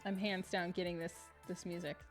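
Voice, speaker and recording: A woman streaming a game live, chatting with viewers in a bubbly, excitable way and laughing often. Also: lowish voice, a little fast, soft background music.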